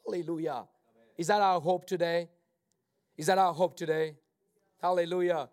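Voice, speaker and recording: A male pastor delivering a sermon, moving between quiet reflective passages and loud, fervent preaching, with halting restarts when he speaks off the cuff. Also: a little high.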